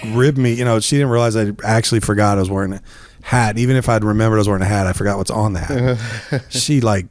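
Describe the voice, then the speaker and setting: A man's voice: lowish voice, steady tone, fast talker, no room sound. A man hosting a comedy podcast, telling stories in casual chat with frequent laughs and restarts. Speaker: podcast host.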